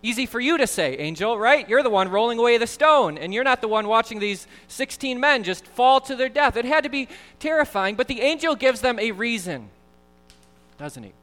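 A male pastor giving an earnest, animated sermon, often repeating words as he talks. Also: extremely high pitch, moderate pace, in a large hall.

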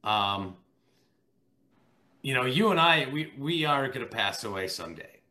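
Easygoing bright-voiced male host. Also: mid-range voice, lively intonation, measured pace. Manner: easygoing, with frequent fillers like "you know" and "dude". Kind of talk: casual chat.

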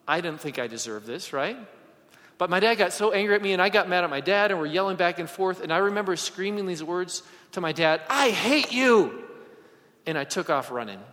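A man preaching a sermon and telling personal stories, swinging from loud emphasis to hushed asides. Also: fairly high pitch. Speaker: pastor. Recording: long hall reverb.

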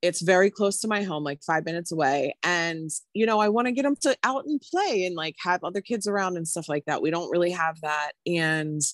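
A woman in her thirties co-hosting a podcast, telling a story in rambling casual chat with sudden high exclamations. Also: a little fast, hardly any pauses, no room sound. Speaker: podcast co-host.

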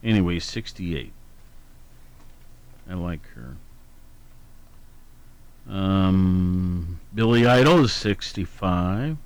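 A man's voice: sits low, animated, very slow, long pauses, clean tone, no echo. A man hosting a radio show who reads the day's anniversaries and birthdays in a meandering way, humming filler syllables and correcting himself aloud. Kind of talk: casual on-air chat, reading daily almanac.

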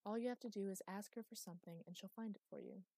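A woman's voice: medium pitch, fast, dark tone, no room sound, lightly acted. Brief: teasing, evasive immortal mistress of a magic library, audiobook, read by a woman; dry close sound.

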